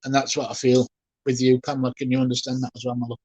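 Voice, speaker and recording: With a medium-pitched, monotone voice that has a breathy edge, a spiritualist medium gives a live reading. He is gentle, halting and often emotional, softly reassuring the person he addresses. No echo is present.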